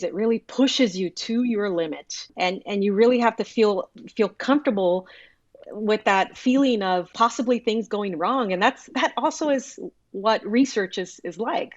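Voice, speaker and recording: A woman's voice: medium pitch, no room sound, lo-fi sound. A woman from Brazil, a native Portuguese speaker, talking as a professor in a podcast interview, earnest with many restarts. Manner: earnest, lots of restarts and little laughs.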